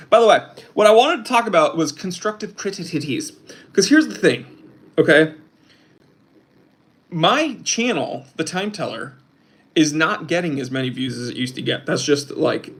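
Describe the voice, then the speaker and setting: A young man hosting a casual livestream, reading out chat and rambling with restarts and fillers. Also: on the high side. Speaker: host of a watch channel, reading live chat.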